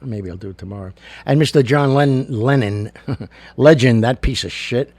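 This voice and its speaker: An older man hosts a show, cracking jokes and offering blunt opinions in a casual, chatty monologue packed with fillers. His gravelly voice is mid-range and a little mellow, at a normal speed, on a dry recording.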